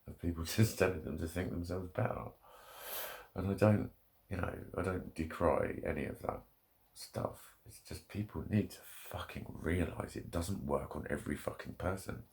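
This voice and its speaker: A man's voice: very deep voice, vocal fry, darkish tone. A man delivering an angry, swear-filled vlog rant straight to the camera. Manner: heavy swearing, angry ranting. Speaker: vlogger. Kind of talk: ranting monologue.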